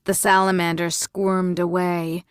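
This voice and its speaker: A woman reading a fantasy novel aloud as narrator, slow and even. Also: on the low side, clear, resonant tone, no echo, studio quality. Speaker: audiobook reader. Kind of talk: storybook narration.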